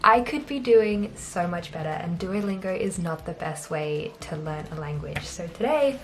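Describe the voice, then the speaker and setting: A woman's voice: lowish voice, animated, normal speed. A young Australian woman vlogging in a casual, chatty, self-deprecating way, laughing often. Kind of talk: casual chat to camera.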